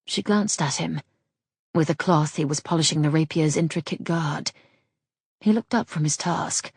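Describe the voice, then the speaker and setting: A woman narrating a romance novel for an audiobook in a measured, even storytelling manner. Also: deep voice, husky, no room sound, clean studio sound.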